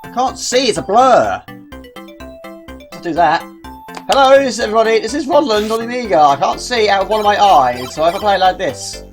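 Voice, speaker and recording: A woman's voice: mid-range voice, expressive, quick pace, hardly any pauses, faint music behind. A woman giving casual gameplay commentary as a video creator, chatty and self-mocking, often talking to herself.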